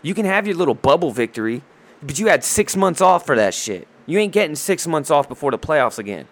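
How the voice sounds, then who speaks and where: A man's voice: fairly high pitch, very animated, fairly quick. A man ranting casually about basketball, heated and profane, full of trash talk, restarts and rambling asides. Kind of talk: casual sports rant.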